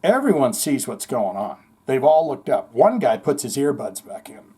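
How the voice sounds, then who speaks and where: A man hosting a podcast, telling a long story in a rambling, animated way, full of swearing and acted-out quotes. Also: medium pitch, normal speed, breathy edge. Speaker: podcast host. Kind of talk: casual storytelling monologue.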